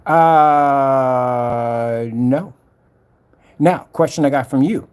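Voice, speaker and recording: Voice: mid-range voice, extremely slow, darkish tone, clear, resonant tone. A vlogger ranting casually to camera, scolding and mocking a troll while reading his comments aloud.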